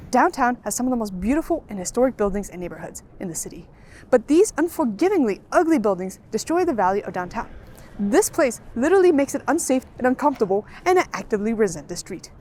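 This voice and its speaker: A woman's voice: on the high side, big pitch swings, fast, darkish tone, slight background noise. A woman hosting a video essay in a scripted voice-over, with a sarcastic, ranting manner.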